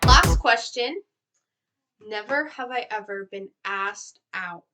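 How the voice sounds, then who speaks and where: A woman's voice: medium pitch, slow, over music. Chatty young Southern woman. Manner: animated storytelling, lots of "like". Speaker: co-host. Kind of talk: casual chat.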